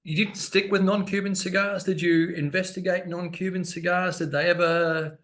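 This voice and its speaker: A man's voice: sits high, flat delivery, moderate pace, a bit bright. A man hosting a casual interview, chatty and agreeable, prompting with questions. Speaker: host.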